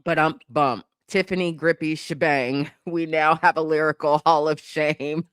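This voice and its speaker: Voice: medium pitch, steady tone, measured pace, fairly bright tone, clean tone, no room sound, studio quality. A vlogger at home giving casual reaction commentary on song lyrics, sarcastic and laughing often. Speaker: YouTube commentator. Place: home, living room with a couch and a cat.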